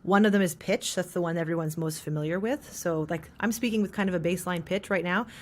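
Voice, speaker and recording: In this interview, a trans non-binary voice teacher talks fast, explaining how voices are shaped and demonstrating shifts in pitch and resonance. There's slight background noise.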